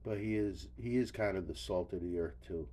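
A man's voice: deep voice, brisk, warm tone, slight background noise. An older man hosting a solo podcast, rambling wearily with profanity and stammered restarts, tired and yawning. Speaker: podcast host.

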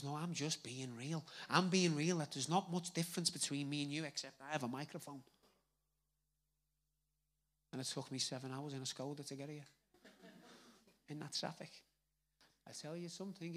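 A man with a Liverpool accent preaching a live sermon on a handheld microphone, conversational and swinging between loud emphasis and hushed asides. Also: fairly high pitch. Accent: Liverpool (Scouse). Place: church hall with congregation.

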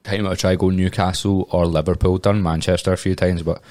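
A man's voice: deep voice, little pitch movement, fast, a little mellow, dry recording, clean studio sound. A young Glaswegian man, a podcast guest, telling rambling, sweary stories with plenty of laughs. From Scotland. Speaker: podcast guest, personal trainer. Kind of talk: casual podcast chat.

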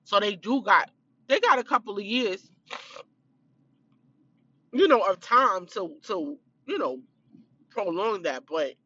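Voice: medium pitch, big pitch swings, takes it slowly, long pauses, bright, forceful tone, lo-fi sound. A speaker giving blunt, opinionated casual commentary on a reality show, stressing points by repeating them.

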